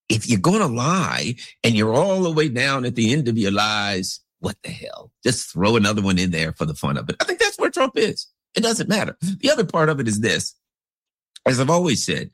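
A husky-voiced man riffing through a casual commentary, his pitch leaping high and dropping low as he rambles. His voice sits low and close in a dry, dead space. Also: no echo. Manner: rambling, animated, swoops into big pitch jumps; acts out characters in anecdotes.

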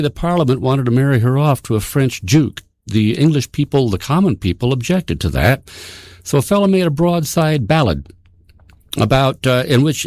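A man's voice: medium pitch, darkish tone, no room sound. Folksy male radio host, dry studio sound. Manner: homespun, rambling, with restarts.

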